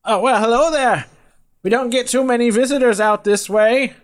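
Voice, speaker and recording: A man's voice: sits high, expressive, moderate pace, pitched above the performer's own voice. A man voicing a friendly, hunched old male peddler who is chatty and welcoming in a tabletop game.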